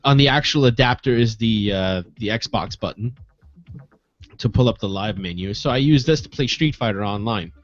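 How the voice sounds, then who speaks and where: A man's voice: lowish voice, moderate pace, faint music behind. A man co-hosting a gaming podcast in casual chat, joking and teasing as he talks. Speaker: podcast co-host. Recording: dull lo-fi podcast audio.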